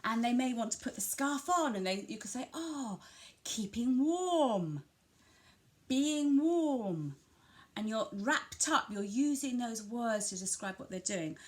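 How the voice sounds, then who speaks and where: A woman from England gives parents an early language lesson, recorded at home. She speaks in a calm, reassuring way and slows down to lean hard on each word she wants them to repeat. Her pitch is in the ordinary middle range. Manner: slow, exaggerated emphasis on key words as she models them; gentle, reassuring instructions to parents. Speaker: family centre early language practitioner.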